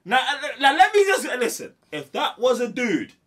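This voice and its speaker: A young man, co-hosting a casual movie review chat, animated and slangy, repeating himself for emphasis. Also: very high-pitched, normal speed. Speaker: podcast co-host.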